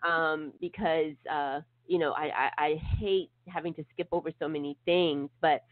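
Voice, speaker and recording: A woman's voice: low voice, fairly even intonation, moderate pace, no room sound. A woman hosting an interview, effusive and talkative, with many fillers. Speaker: radio show host. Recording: dry, tinny phone line.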